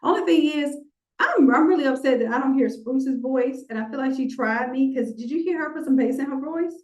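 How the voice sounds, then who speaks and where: A woman instructor teaching a live online design class, animated and playful, talking straight to her viewers. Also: high-pitched, brisk, lo-fi sound. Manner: animated, playful, talks to the audience. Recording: roomy echo.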